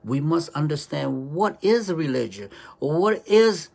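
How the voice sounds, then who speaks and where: Woman commentator, unhurried, animated intonation, preachy and questioning. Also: low-pitched, gravelly. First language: Hmong. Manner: rhetorical, keeps asking "right?". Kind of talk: preachy opinion monologue.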